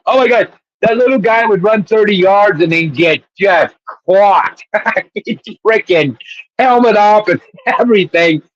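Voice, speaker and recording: A man's voice: high-pitched, dry recording, highs cut off. A man co-hosting a casual sports chat show, rambling and laughing as he tells stories. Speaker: co-host.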